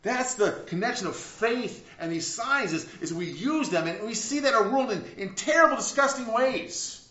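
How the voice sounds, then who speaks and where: A man preaching a sermon as a pastor, in an earnest manner that swings between loud, emphatic bursts and quiet, reflective stretches. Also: very high voice, animated, moderate pace. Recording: roomy, dull lo-fi recording.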